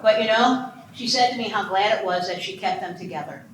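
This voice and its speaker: A woman in her sixties from Ohio giving an animated, humorous keynote talk on adoption and quizzing her audience. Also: mid-range voice, brisk. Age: 60s. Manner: animated, chatty, self-deprecating humor. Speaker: conference speaker on foster care and adoption. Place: conference hall. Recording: echoey room with faint noise.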